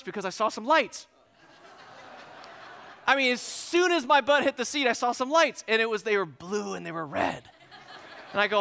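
A man preaching a sermon, telling a lively personal story and acting out both sides of the conversation before turning to scripture. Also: high voice, fast talker, clear, resonant tone. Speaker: pastor.

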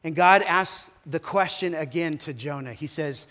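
A man's voice: on the high side, a little slow, pushed and bright, long reverb tail. A man preaching a sermon as a pastor, retelling a story in a conversational, dramatic way.

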